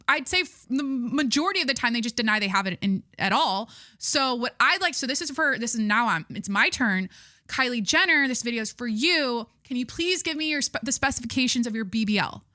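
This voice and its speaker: Young woman podcaster rambling on, bright tense voice, super dry close mic, swears casually. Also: high voice, no room sound. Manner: rambling, chatty, frequent fillers and restarts; gushing, candid, swears casually. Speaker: podcast host. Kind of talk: casual chat.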